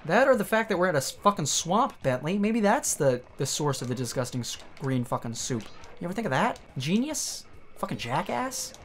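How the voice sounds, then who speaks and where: A man streaming a video game, swearing and joking at the screen as he plays. His pitch swings widely, and his voice jumps up whenever the game surprises him. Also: very animated, brisk, a little hiss or hum. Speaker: let's play streamer. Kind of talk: profane gaming commentary.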